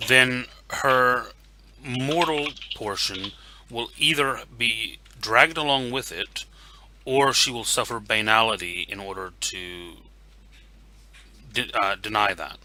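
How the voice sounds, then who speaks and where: A man playing a tabletop role-playing game who lays out his ideas in halting stops and restarts. His voice is very bright, with a faint noise underneath. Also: mid-range voice, poor audio. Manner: halting, restarts while explaining. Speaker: player. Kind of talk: casual tabletop game talk.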